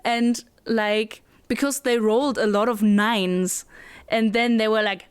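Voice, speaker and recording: A woman's voice: on the high side, steady tone, measured pace, clean tone, no echo, clean studio sound. A German woman co-hosting a podcast, chatting with enthusiasm and many fillers. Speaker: podcast co-host. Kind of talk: casual chat.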